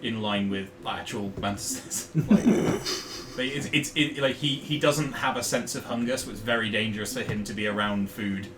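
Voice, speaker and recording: A man's voice: on the low side, moderate pace. A man playing a tabletop game, bantering in character in a grandiose, theatrical manner. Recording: echoey room with background noise.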